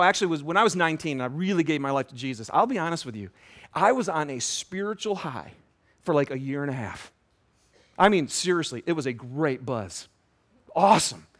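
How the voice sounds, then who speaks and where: A pastor in his fifties preaching a sermon in an animated, conversational way, throwing quick questions to the congregation. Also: on the high side. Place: church.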